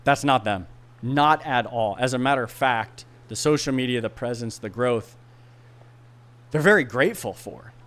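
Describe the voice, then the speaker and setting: Man, podcast guest, casual chat, animated storyteller, puts on voices for quotes. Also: mid-range voice, moderate pace.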